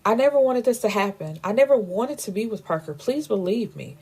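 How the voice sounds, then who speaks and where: A woman's voice: medium pitch, expressive, a little fast, a little mellow, breathy edge. A woman voicing a spoiled wife who pleads and defends herself while recapping a story. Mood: pleading.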